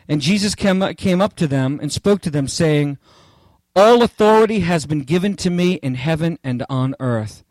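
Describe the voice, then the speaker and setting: A man's voice: fairly high pitch, dry recording. Emphatic preacher man, dry close sound. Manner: emphatic, repetitive, rising to near-shouts on key phrases. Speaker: pastor. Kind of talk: sermon. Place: church.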